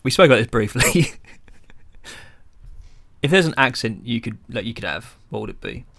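A man's voice: medium pitch, lively intonation, normal speed, vocal fry, a bit bright. A man, co-hosting a podcast in crude casual banter, swearing freely and laughing often. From England. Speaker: podcast co-host.

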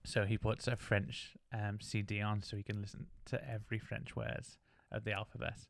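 A man's voice: lowish voice, little pitch movement, normal speed, gravelly, no echo. A man co-hosting a podcast, chatting casually and retelling a cartoon plot with laughs. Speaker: podcast co-host. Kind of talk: casual chat.

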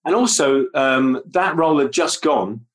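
A man's voice: mid-range voice, animated, unhurried, low-quality recording. A man co-hosting a podcast, talking casually about films in a rambling, self-deprecating way with plenty of ums and uhs. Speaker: podcast co-host. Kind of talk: casual film chat.

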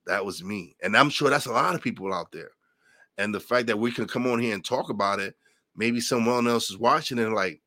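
Man with a cold, bright voice. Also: brisk, dry recording, studio quality. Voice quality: deep radio voice. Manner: storytelling, acts out his own past thoughts. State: has a cold. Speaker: podcast host. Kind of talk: casual podcast chat.

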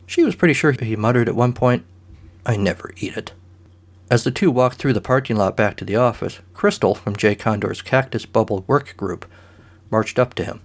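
A man's voice: mid-range voice, a little fast. A man narrating a comic short story in a dry, matter-of-fact way.

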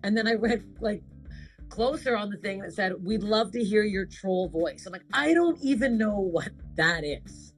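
A woman's voice: mid-range voice, animated, moderate pace, soft background music. A woman comic actress chatting casually, telling stories animatedly with laughs and swearing. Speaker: comedic actress, guest. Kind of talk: casual chat.

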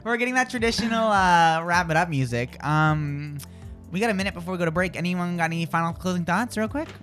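A man's voice: sits high, animated, quick pace, fairly bright tone, soft background music. A man co-hosting a radio show in casual banter, rambling and teasing, often trailing off and restarting mid-sentence. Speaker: radio co-host. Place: radio studio.

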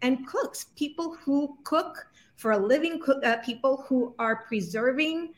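A woman's voice: high-pitched, a little slow. A woman scholar speaking as an interview guest, thoughtful and reflective. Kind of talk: conversational interview.

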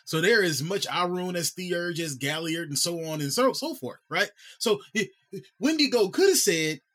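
A man co-hosting a podcast who pokes holes in a story with playful, wry skepticism. His voice sits high for a man. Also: expressive, moderate pace, a bit bright. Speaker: podcast co-host. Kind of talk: casual chat.

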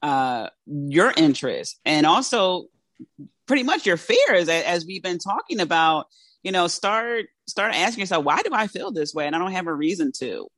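A woman's voice: lowish voice, expressive, normal speed, fairly bright tone, no echo. A woman from South Philadelphia with a South Philly accent, hosting a casual interview, chatty and laughing often, her speech slightly impeded by teeth brackets. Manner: giggly, chatty, lots of laughter. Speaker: podcast host.

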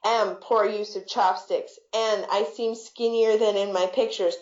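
A woman's voice: medium pitch, steady tone, measured pace, a little mellow, highs cut off, lightly acted. A woman voicing an awkward, blunt adult man who makes oddly formal remarks, read in an echoey room. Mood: earnest.

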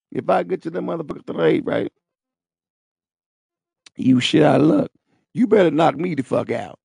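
A young man rambles through his own podcast in a heavily gravelly, fry-laden voice. His talk is profane and streetwise, full of swagger and boasts. The sound is dry and close, with almost no room around it. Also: on the high side, fairly quick, darkish tone, no room sound. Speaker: podcast host. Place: at home, seated in a wheelchair.

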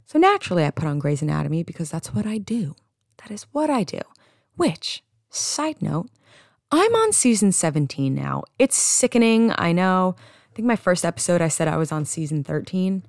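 A woman's voice: fairly low pitch, big pitch swings, moderate pace, creaky, no echo, clean studio sound. A young woman hosting a casual solo podcast, telling stories in a chatty way with frequent restarts and some swearing. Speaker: podcast host.

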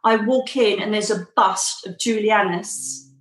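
A woman being interviewed tells a personal story in a chatty way, acting out the quoted dialogue. Her mid-range voice moves a little slowly, and the recording sounds roomy and rough.

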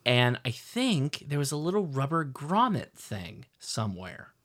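A middle-aged man co-hosting a podcast, telling a rambling, animated story with lots of restarts. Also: mid-range voice, unhurried. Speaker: podcast co-host. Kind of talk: casual chat.

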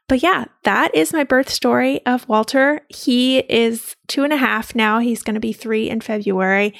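A young adult woman, a labor and delivery nurse, tells her own birth story in a heartfelt, excitable way. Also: on the high side, gravelly, no room sound, studio quality. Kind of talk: personal birth story told to an audience.

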